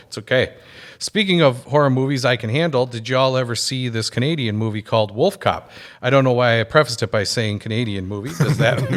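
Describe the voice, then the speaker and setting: A man co-hosting a casual podcast, reading listener emails aloud at a middle pitch. He keeps it jokey and breaks into chuckles as he reads. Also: a bit bright. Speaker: podcast co-host.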